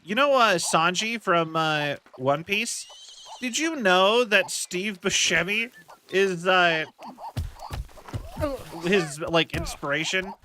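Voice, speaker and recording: Bright, high-voiced young man streaming a game. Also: lively intonation, takes it slowly, slight background noise. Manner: rambling, tangent-prone, swearing at mistakes. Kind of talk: casual gameplay chatter.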